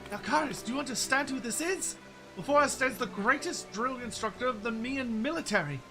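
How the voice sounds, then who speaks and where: A man voicing an eager young scholar from a fantasy game, breathless with excitement. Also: very high-pitched, fairly quick, music in the background, voice pushed up. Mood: awed.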